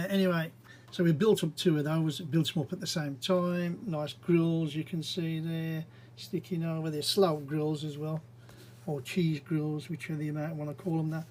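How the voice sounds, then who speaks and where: A man's voice: a little high, darkish tone, a little hiss or hum, poor audio. Chatty man narrating a brick build. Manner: chatty, rambling, unhurried, with frequent fillers. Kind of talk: casual build commentary.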